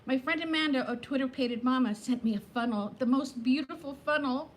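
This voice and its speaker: A woman in her fifties hosting a casual live chat, talking fast between topics and greeting viewers by name. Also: high-pitched. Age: 50s. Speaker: livestream host.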